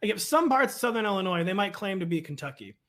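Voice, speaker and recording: A man's voice: sits high, expressive, quick pace, a bit bright. A man in his thirties co-hosting a casual, joking football chat, rambling with fillers. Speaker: fantasy football analyst co-host.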